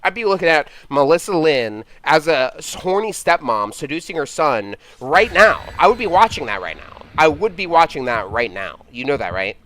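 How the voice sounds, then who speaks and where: A man's voice: a little high, big pitch swings, moderate pace, few pauses, sharp tone. A young man streaming a game, chatting casually with rambling, exasperated banter and crude jokes. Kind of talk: casual live-stream chat.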